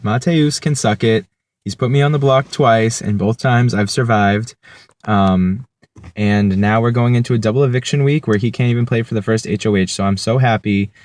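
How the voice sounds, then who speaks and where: Man, low voice, blunt, gloating confessional. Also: moderate pace, darkish tone. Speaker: game player.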